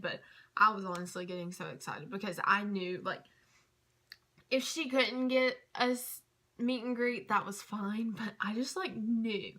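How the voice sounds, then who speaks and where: Young female vlogger, bright and crisp tone, gushing storytime chatter with frequent fillers. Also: mid-range voice, a little slow. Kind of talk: casual storytime chat.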